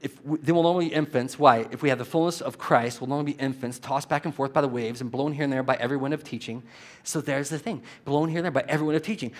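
A male pastor preaching a sermon, animated, swinging between loud exhortation and quiet asides and laughing often. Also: mid-range voice, brisk.

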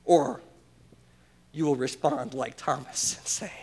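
A man preaching a sermon to his church congregation. He swings between loud, emphatic calls and hushed, intimate asides, and peppers the crowd with rhetorical questions. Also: medium pitch, steady tone, slow pace, vocal fry, breathy edge. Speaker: pastor.

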